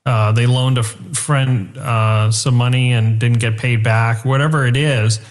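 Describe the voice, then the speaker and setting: A man's voice: mid-range voice, fairly even intonation, measured pace. Chatty male executive on talk radio. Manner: chatty, many fillers, acts out customer calls. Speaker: company chief executive guest. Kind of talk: radio interview.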